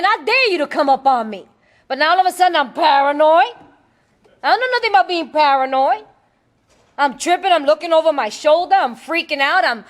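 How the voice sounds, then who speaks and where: Blunt high-voiced woman sharing her story. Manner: blunt, streetwise, laughing often. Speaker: recovery meeting speaker. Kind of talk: personal testimony talk.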